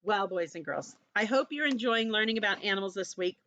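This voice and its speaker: A woman teacher reading a storybook to young children, gentle and animated, stopping to ask them questions. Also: mid-range voice, brisk, lo-fi sound.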